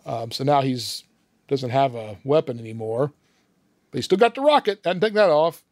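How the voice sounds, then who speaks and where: A man's voice: mid-range voice, lively intonation, normal speed, darkish tone, dry recording, studio quality. A man on a casual film podcast, walking through the plot step by step and laughing often. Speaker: podcast host recapping a film.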